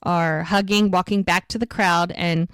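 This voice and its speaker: Her voice is lowish, fairly even, unhurried, and a bit bright, with a clear, resonant tone and no room sound. As a podcast co-host, she casually retells an episode scene by scene, filling it with frequent fillers.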